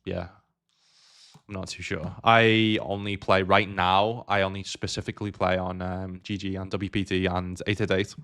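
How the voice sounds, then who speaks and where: A man's voice: sits low, level tone, moderate pace, a bit bright, clean tone. Casual man streaming poker. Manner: casual, swears, talks to chat. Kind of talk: live-stream commentary while playing.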